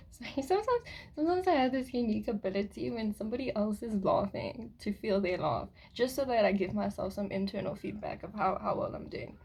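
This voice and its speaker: A woman's voice: medium pitch, creaky, slightly rough. A woman rambling through a casual spiritual vlog monologue, giggling often and swearing casually. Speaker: spiritual vlogger.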